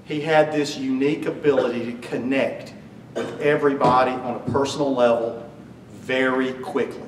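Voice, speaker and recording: A man's voice: mid-range voice, steady tone, moderate pace. A middle-aged man giving a eulogy for his father, telling funny stories and joking with the crowd. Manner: warm storytelling, joking with the crowd. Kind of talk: eulogy speech with humorous stories. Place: memorial service hall. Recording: echoey hall from far off, faint hum.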